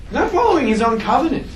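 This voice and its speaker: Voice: high-pitched, big pitch swings, moderate pace, far from the mic. A teacher giving a casual, joking classroom lecture and asking the class questions. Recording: echoey classroom taped from afar.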